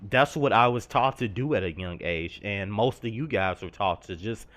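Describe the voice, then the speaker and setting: A man's voice: lowish voice, animated, moderate pace, fairly bright tone. A young man telling a personal story over gameplay, earnest and confessional, slangy and rambling. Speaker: gaming vlogger.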